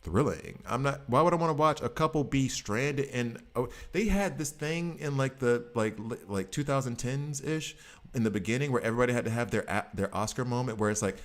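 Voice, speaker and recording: A man streaming a game, chatting casually in a rambling, jokey way. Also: mid-range voice. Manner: animated, rambling, jokey, breaks into quick voices. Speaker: gaming streamer. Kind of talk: casual chat while gaming.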